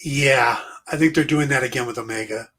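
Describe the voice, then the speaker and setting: A man co-hosting a podcast, chatting casually in a relaxed, slightly hesitant way. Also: medium pitch, fairly quick, slightly rough. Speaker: podcast co-host. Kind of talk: casual chat.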